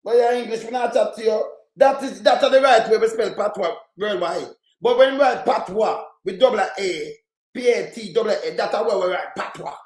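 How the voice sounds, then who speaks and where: A man with a Jamaican accent ranting in heated, crude, repetitive online commentary, shouting at times. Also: high-pitched, normal speed. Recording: roomy echo.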